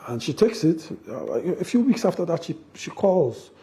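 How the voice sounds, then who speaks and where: A middle-aged man, telling a family story in an interview, animated and acting out the quotes, with frequent restarts. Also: on the high side, normal speed. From Nigeria. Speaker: interview guest, father.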